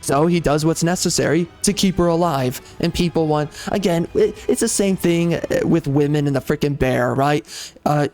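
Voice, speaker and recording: A man's voice: a little high, normal speed, a little mellow, soft background music. A man hosting a gaming channel, giving opinionated commentary in a rambling, emphatic way with many fillers and restarts.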